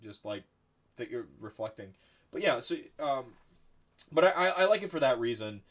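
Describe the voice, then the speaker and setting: A man hosting a casual podcast chat, animated and loose, swearing freely and restarting his sentences. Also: medium pitch, normal speed. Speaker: podcast host.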